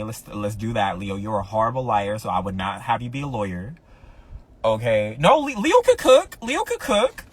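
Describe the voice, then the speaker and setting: A man's voice: medium pitch, sharp tone. Chatty man repeating himself to viewers. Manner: repeats phrases, talks straight to viewers. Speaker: astrologer. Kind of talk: casual live-stream chat.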